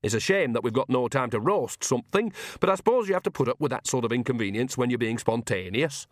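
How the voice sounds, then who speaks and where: Shrewd, bossy old witch, drawls her lines slowly; a male audiobook reader puts her on. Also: mid-range voice, animated, no echo, studio quality, natural voice. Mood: commanding.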